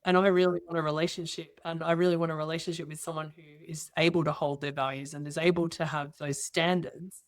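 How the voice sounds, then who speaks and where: A middle-aged woman guest telling personal stories in casual conversation, lively and acting out dialogue with quoted voices. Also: low-pitched, quick pace, few pauses, no echo. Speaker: interview guest.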